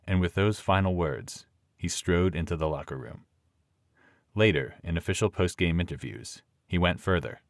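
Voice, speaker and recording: A male audiobook narrator reads in a measured, deliberate way. His voice is very deep, and the recording is close and dry, with no room sound. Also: no echo.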